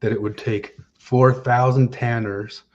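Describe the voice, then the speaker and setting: A man hosting a casual podcast chat, rambling and often pausing with fillers while searching for names. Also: medium pitch, steady tone, darkish tone. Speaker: podcast host. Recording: dull lo-fi sound.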